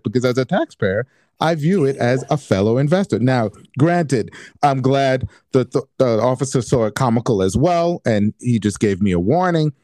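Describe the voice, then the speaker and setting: A man hosting a casual discussion, telling personal anecdotes in a relaxed way. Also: fairly high pitch, no room sound, clean studio sound.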